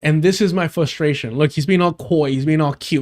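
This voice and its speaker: A man's voice: fairly high pitch, fairly quick, few pauses. Swearing, ranting male reaction host. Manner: incredulous, swearing rant. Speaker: commentary channel host. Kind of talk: profane reaction commentary.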